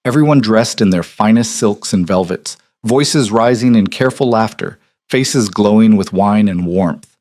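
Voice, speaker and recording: A man narrating a historical romance audiobook in an even, measured storytelling manner. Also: lowish voice, no room sound.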